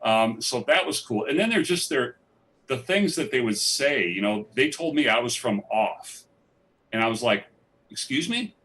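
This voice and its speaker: A man's voice: medium pitch, animated, normal speed, bright, forceful tone. A man, a documentary filmmaker, telling stories in a live festival interview with eager, rambling enthusiasm and frequent restarts. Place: theatre stage. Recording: distant mic in a theatre.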